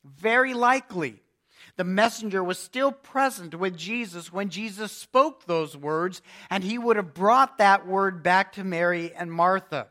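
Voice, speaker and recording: High-voiced man preaching a sermon. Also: bright, forceful tone. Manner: expository preaching, reads scripture aloud with emphasis. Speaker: pastor.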